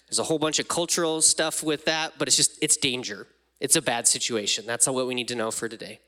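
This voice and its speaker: A man's voice: mid-range voice, moderate pace, pushed and bright. A young adult man preaching a casual sermon, talking conversationally and reading scripture aloud with rising dramatic emphasis. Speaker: pastor.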